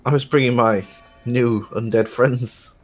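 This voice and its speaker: Male player, mid-pitched, quick jokey table talk. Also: steady tone, soft background music. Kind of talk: casual tabletop game play.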